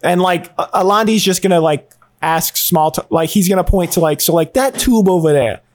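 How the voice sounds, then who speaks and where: A young man playing a tabletop game, speaking haltingly with many fillers. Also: sits high, steady tone. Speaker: player.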